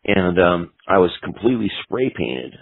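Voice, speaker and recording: A man's voice: sits low, very animated, moderate pace, slightly rough, no echo. Interview guest, man in his 50s, rambling storyteller, dry close sound. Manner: rambling, profane, lots of "you know". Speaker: punk guitarist interview guest. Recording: tinny phone-like audio.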